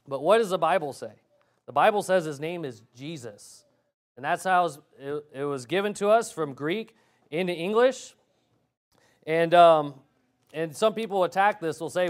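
A man preaching a sermon, firing off rhetorical questions with emphasis and frequent restarts. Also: on the high side.

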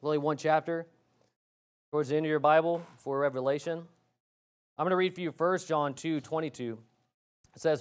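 A man delivers a sermon in a slightly higher voice. He talks emphatically, asks rhetorical questions, and often restarts his sentences. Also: fairly even intonation, a little fast, pauses often, smooth. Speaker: preacher.

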